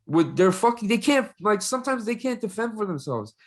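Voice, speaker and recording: A man's voice: high-pitched, big pitch swings, a little fast. A young adult man from Korea, a native Korean speaker, co-hosting a casual podcast chat in a heated, constantly swearing manner. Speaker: podcast co-host.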